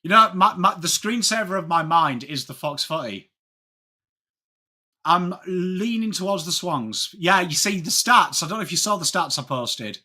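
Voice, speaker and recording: A man's voice: sits high, expressive, moderate pace, bright, forceful tone. An English man hosting a casual live sports watchalong, chatting with viewers and greeting them by name. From England. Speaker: livestream host.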